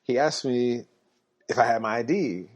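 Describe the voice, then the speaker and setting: A man's voice: medium pitch, normal speed. A man telling a story in a laid-back way on a podcast, laughing now and then. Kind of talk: casual storytelling.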